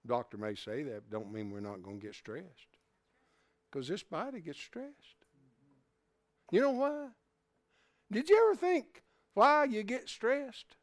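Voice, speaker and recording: Older male preacher, folksy sermon, lively swoops from whisper to shout. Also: a little high, measured pace, pauses often, no echo. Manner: folksy, swings from hushed asides to loud shouts.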